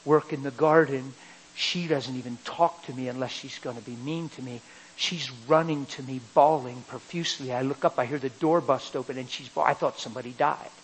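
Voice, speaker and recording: A man preaching a sermon, telling an emotional personal story and building to loud, fervent passages. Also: mid-range voice, slight background noise, low-quality recording.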